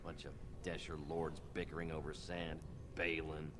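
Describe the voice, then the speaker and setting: An actor voicing a blunt, scornful dwarf commoner who talks in curt, sarcastic lines. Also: male voice, extremely low pitch, little pitch movement, moderate pace. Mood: dismissive. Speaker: game character. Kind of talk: video game dialogue. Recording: game audio with noise behind.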